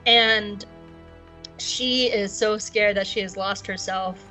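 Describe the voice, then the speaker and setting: A woman's voice: medium pitch, steady tone, slow, sharp tone, soft background music, rough recording. A woman co-hosting a podcast, recapping an episode in a chatty, jokey way. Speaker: podcast co-host.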